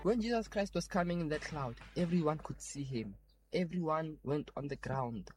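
A man's voice: a little high, moderate pace, darkish tone, soft background music. A man giving a personal testimony in an emphatic, repetitive manner.

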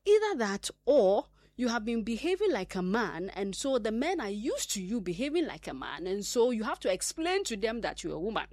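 A woman's voice: on the high side, sing-song, moderate pace, darkish tone, no echo. Earnest woman radio host, dry sound. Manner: earnest, emphatic, many fillers and restarts. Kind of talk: radio talk segment, preachy monologue.

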